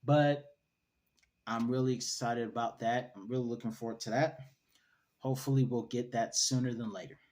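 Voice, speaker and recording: A man's voice: medium pitch, fairly even intonation, moderate pace, a little mellow. A man giving a casual solo wrestling review, chatty, wry and opinionated.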